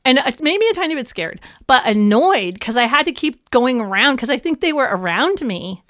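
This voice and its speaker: A woman's voice: high voice, big pitch swings, moderate pace, a bit bright, no room sound, clean studio sound. A woman guest on a podcast, talking casually and wryly, with lots of fillers. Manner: chatty, many "like" fillers, wry. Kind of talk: casual conversation.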